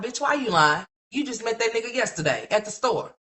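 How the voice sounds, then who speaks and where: A woman's voice: a little high, lively intonation, a little fast, a bit bright. A woman hosting a livestream, ranting in a blunt, mocking, profane gossip commentary full of rhetorical questions.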